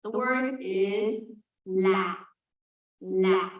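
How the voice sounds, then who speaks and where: A woman teaching basic Vietnamese words in an online lesson, repeating each word slowly for practice. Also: mid-range voice. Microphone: video call. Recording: echoey distant lo-fi call audio.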